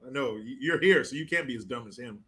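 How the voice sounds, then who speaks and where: Brash, bright-voiced male livestream host. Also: medium pitch, quick pace. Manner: brash, profane, joking banter. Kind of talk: casual livestream commentary.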